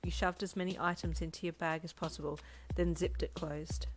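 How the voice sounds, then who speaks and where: A woman narrating a second-person fanfic story in a steady, even way. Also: lowish voice, a little fast, poor audio. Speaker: audiobook narrator. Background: faint music.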